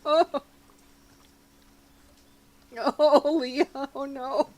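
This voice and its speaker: A woman's voice: high-pitched, fairly even intonation, drawn-out words, darkish tone. A woman casually livestreaming a puzzle game, chatting with viewers and her pets and laughing often. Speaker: streamer.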